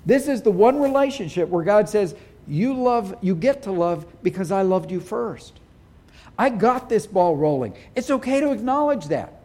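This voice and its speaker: Pastor guy giving a sermon, fairly high pitched, soft warm tone, earnest with pauses. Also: animated. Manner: earnest, emphatic preaching with pauses.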